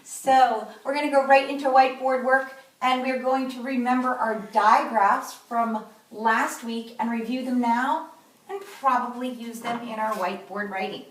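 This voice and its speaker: Kindergarten teacher in an echoey room. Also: female voice, on the high side, fairly even intonation, far from the mic. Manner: slow, clear, instructive delivery. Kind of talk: remote classroom lesson.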